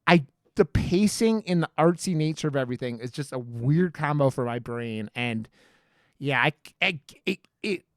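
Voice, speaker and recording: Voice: mid-range voice, expressive, moderate pace, dry recording, studio quality. A podcast co-host in a casual horror movie review chat, rambling with many restarts and casual swearing.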